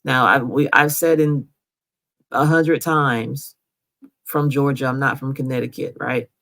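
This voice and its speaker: A woman's voice: a bass voice, steady tone, unhurried, a bit bright. A woman hosting her own show, telling her story in a conversational way and checking in with the listener as she goes. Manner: conversational, recounting events step by step with frequent "right?". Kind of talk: first-person storytelling over recorded audio.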